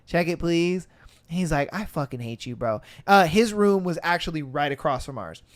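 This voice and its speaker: Man, podcast host, casual storytelling, higher-pitched voice, animated, acts out quotes, swears a lot. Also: moderate pace.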